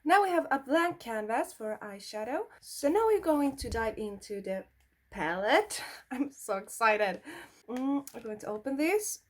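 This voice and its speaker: Slow-talking Swedish-accented woman. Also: sits high, animated. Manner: blunt, swears freely, chatty. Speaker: beauty vlogger. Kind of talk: casual makeup tutorial chat.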